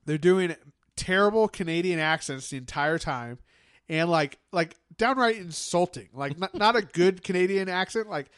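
A man talking in a loose, opinionated chat, circling back over his points with lots of fillers and restarts. His voice sits fairly high for a man and sounds smooth and resonant. The recording is dry and close. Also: lively intonation, normal speed, fairly bright tone, dry recording. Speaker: podcast co-host. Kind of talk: casual chat.

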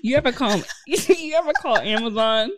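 A woman chatting casually, blunt and slangy, often breaking into loud laughter. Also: a little high, expressive, normal speed, very noisy. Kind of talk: casual chat.

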